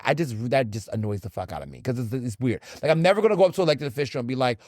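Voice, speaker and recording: A fast-talking Southern podcast host barely pauses, his mid-range voice animated and a little mellow. In casual solo commentary he's blunt, swears freely and acts out encounters, with dry, studio-quality sound.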